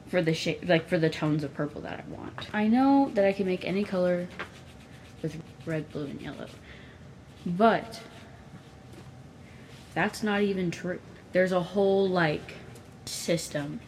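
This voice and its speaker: Lower-voiced young woman rambling casually. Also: a little mellow, slight background noise. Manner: rambling, profane and self-mocking. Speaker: vlogger. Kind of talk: casual crafting vlog chat. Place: bedroom, painting on her bed. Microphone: close mic.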